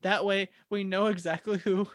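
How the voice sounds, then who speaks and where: A woman's voice: mid-range voice, steady tone, normal speed. A woman co-hosting a podcast, rambling through stories in casual chat and acting out the quoted lines. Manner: rambling storyteller, acts out quoted dialogue. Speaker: podcast co-host.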